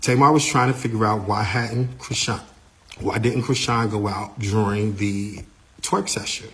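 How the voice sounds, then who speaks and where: A man, an artist's manager, recounting a backstage incident in a lively, casual way, repeating himself and using slang. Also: on the low side, unhurried. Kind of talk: animated storytelling.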